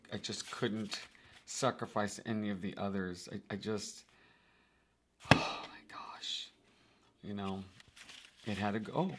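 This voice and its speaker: A man's voice: fairly low pitch, heavy background noise. A man hosting his own tarot vlog, chatting animatedly to viewers, laughing often and calling them "guys". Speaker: tarot video host. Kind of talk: casual vlog talk to viewers.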